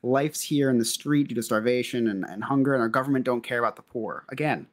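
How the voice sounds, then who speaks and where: A man's voice: medium pitch, quick pace. A man co-hosting a comedy podcast, telling a story and reading out messages with frequent laughter. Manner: animated, laughing often. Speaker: podcast co-host.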